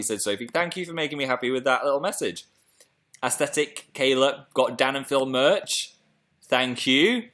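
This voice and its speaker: A young British man chats through a casual live stream with a bright, forward tone. He is playful and talkative and keeps reading out viewer messages between his own rambling stories. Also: mid-range voice, lively intonation, normal speed. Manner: chatty, playful, reads out viewer comments. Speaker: livestream host.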